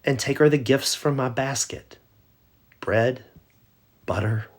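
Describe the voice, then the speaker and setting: A man voicing a sweet, polite little girl in a storybook, speaking quickly and eagerly. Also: medium pitch, pitched above the performer's own voice. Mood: cheerful.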